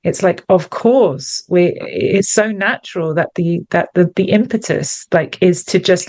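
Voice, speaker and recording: A woman's voice: fairly low pitch, a little slow, hardly any pauses, darkish tone, dry recording. Thoughtful woman podcast co-host. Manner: thoughtful, searching, with many restarts. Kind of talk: reflective conversational chat.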